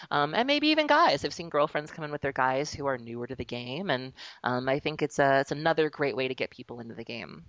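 A woman chatting casually on a podcast, playful and expressive, asking questions and laughing. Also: a bass voice, quick pace, few pauses, no echo. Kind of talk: casual chat. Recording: dry, dull lo-fi audio.

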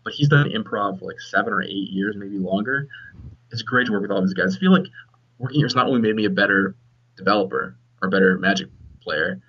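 A man's voice: fairly low pitch, a little fast, breathy edge, dull audio. A young man, a game developer chatting casually as a podcast guest, joking and restarting his sentences often.

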